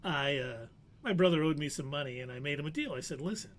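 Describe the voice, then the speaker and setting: On a live show, a podcast co-host with a fairly high voice and quick delivery casually spins a long anecdote. He's animated, acting out the voices of the people he quotes.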